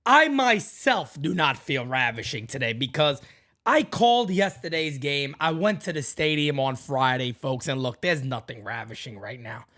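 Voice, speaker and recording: Man, podcast host, lively swooping pitch, loud hyped greetings, casual live chat. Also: normal speed. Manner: hyped shout-outs to chat, drops low when serious. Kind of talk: live morning show chat.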